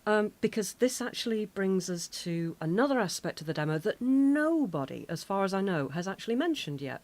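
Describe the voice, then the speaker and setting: An English woman co-hosting a podcast, speaking in a measured, thoughtful way. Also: mid-range voice, sing-song, a little mellow, no room sound. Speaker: podcast co-host. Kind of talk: casual chat.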